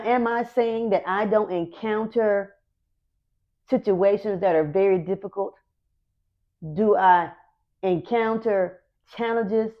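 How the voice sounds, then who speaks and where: Slow, earnest woman podcast host. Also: medium pitch, highs cut off. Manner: slow, earnest and emphatic, repeating key phrases. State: emotional, near tears. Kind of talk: encouraging faith talk.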